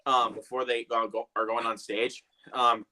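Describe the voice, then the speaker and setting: A young man chats about movies as co-host, his talk halting and full of fillers and slangy asides. His voice has a bright, sharp edge at a middling pitch. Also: little pitch movement. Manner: hesitant, many fillers, says bro and dude. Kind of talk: casual live-stream chat.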